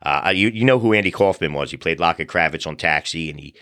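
A man hosting a podcast, telling funny stories in a relaxed, animated way. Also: low-pitched, quick pace, no echo, clean studio sound. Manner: animated storyteller, acts out crowd voices. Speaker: podcast host. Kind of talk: casual storytelling chat.

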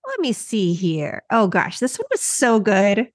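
A woman's voice: medium pitch, wildly swooping pitch, measured pace, no echo, studio quality. A woman co-hosting a casual podcast, telling a story in an earnest and enthusiastic way. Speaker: podcast co-host, coach. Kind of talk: casual chat.

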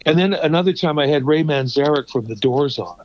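A man's voice: fairly high pitch, brisk, dry recording, muffled recording. A man, a former radio host and songwriter, tells stories in conversation and acts out the people in them. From Toronto, Canada. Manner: animated storyteller, acts out the voices of people in his stories. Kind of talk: anecdotal storytelling in a conversation.

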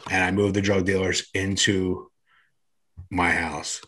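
A man's voice: low voice, level tone, takes it slowly, fairly bright tone. A man in an interview, telling his own story in a rambling, casual way, with many fillers, restarts and curse words. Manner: rambling, filler-heavy, frequent restarts and swearing. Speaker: guest sharing his recovery story.

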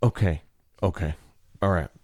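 A man's voice: low voice, normal speed, a little mellow, no room sound. A man playing a patient but exasperated film director in a comedy sketch, stammering often.

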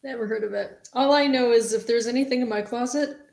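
A woman co-hosting a podcast in casual chat, playful and quick to laugh. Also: fairly high pitch, vocal fry, a little mellow, echoey room, low-quality recording. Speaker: podcast co-host.

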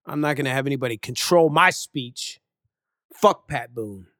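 A man co-hosting a casual podcast, blunt and quick to swear and laugh. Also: mid-range voice, pushed and bright, no room sound, clean studio sound. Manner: swears freely, laughs, blunt hot takes. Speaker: podcast co-host.

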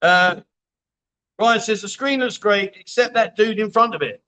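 A man's voice: high-pitched, a little slow, bright, forceful tone, smooth, rough recording. A man hosting a casual livestream, reading out viewer comments with blunt, jokey banter and the odd swear word. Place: bar venue.

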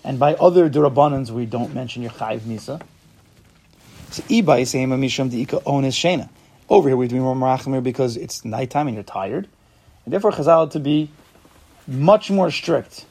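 A man's voice: medium pitch, moderate pace, a little mellow. A man teaching an informal Talmud class, explaining step by step and asking and answering his own questions.

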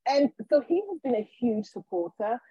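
Husky woman telling her story, lots of restarts and acted-out quotes, dull dry recording. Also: a little high, normal speed, dry recording. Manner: animated, acts out quotes, frequent restarts. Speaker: podcast guest, healer. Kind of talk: casual storytelling in an interview.

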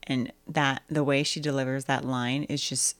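Low-voiced woman chatting about movies. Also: moderate pace. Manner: animated, acts out scenes in squeaky high voices. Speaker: podcast co-host. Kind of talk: casual movie chat.

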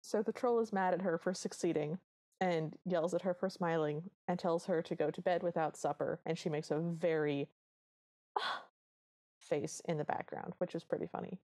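A woman co-hosting a podcast, chatting about a film with wry, animated asides. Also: fairly low pitch, moderate pace. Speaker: podcast co-host. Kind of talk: casual recap chat.

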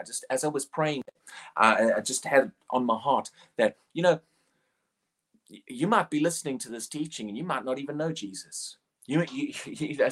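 A man preaching and praying aloud, earnest, often repeating words as he starts a line, slowing down to lead a prayer. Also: medium pitch, fairly bright tone. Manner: slow, deliberate prayer-leading. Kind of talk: prayer and sermon.

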